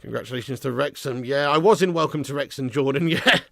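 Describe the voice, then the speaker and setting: A man hosting a live football watch-along, reading viewers' messages and ranting with lots of swearing, loud one moment and low and glum the next. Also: fast, vocal fry, dry recording, clean studio sound. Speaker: YouTube fan channel host.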